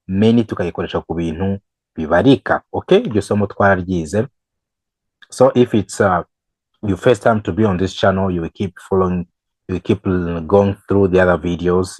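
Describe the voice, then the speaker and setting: A man teaching English grammar, switching between English and Kinyarwanda and repeating each example slowly. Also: low voice, no room sound, poor audio. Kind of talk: bilingual grammar lesson.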